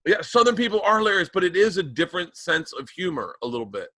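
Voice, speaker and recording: A man's voice: high voice, very animated, fast, pushed and bright, dry recording. A man who grew up in the American South, rambling through profane stories in a casual podcast chat. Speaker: podcast co-host.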